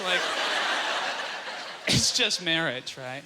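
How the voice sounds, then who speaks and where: A man's voice: high-pitched, animated, a little fast, heavy background noise. A man doing a stand-up comedy set on a club stage, riffing sardonically and leaning on fillers like "you know". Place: comedy club stage before a live audience. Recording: live room with loud audience laughter.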